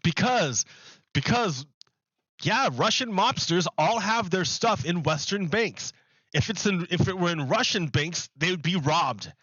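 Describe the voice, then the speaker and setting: A man streaming a video game, chatting casually in a rambling, animated way and restarting his sentences often. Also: sits high, unhurried, dry recording, muffled recording. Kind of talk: casual chat while gaming.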